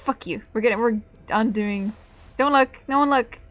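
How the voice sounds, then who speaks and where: A woman streaming a video game, reacting with excitable, swear-filled casual commentary. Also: fairly high pitch, normal speed, soft background music.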